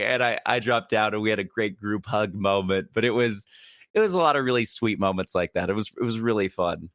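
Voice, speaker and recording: A young adult man, a comedian guest, telling stories in a casual interview, lively and quick to laugh. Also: fairly low pitch, no room sound, studio quality. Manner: animated, laughs often, acts out quoted people.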